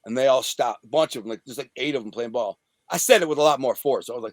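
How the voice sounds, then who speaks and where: A man from the Detroit area telling rough, profane stories from his past in a casual, animated way as an interview guest. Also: medium pitch, fast, no echo. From Detroit area, USA. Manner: streetwise, profane, animated retelling. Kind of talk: casual storytelling.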